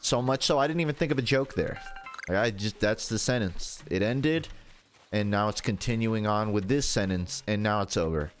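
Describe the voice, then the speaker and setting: A man's voice: fairly low pitch, moderate pace, soft background music. A man streaming a video game, chatting casually in a rambling, self-deprecating way that trails off mid-sentence, his voice strained from earlier voice acting. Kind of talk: casual live-stream chat while gaming.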